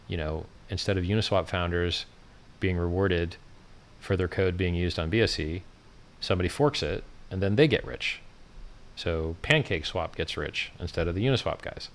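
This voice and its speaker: A livestream host with a fairly low, creaky voice runs a casual stream. His commentary is loose and off-the-cuff, and he rants at his targets in a brash, mocking way.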